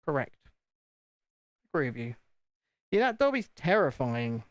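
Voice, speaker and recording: A man's voice: medium pitch, sing-song, a little slow, no echo. A British man hosting a casual live stream from home, chatting and joking at his own expense while building. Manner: chatty, joking, self-deprecating. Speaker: channel host.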